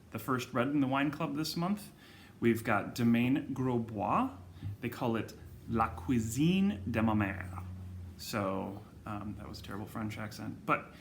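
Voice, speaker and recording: A man's voice: fairly low pitch, gravelly, fairly bright tone, a little hiss or hum. A man hosting a wine club video, chatting casually with lots of ums and self-corrections. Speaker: wine shop host presenting monthly wine club picks. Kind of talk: casual video talk to camera.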